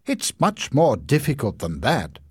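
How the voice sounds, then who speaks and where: A man voicing a blunt, hot-tempered young hunter who scoffs and shouts in a storybook reading. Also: mid-range voice, wildly swooping pitch, unhurried, no room sound, studio quality, pitched above the performer's own voice, heavily acted. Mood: scornful. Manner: gruff, scornful, shouting when angry.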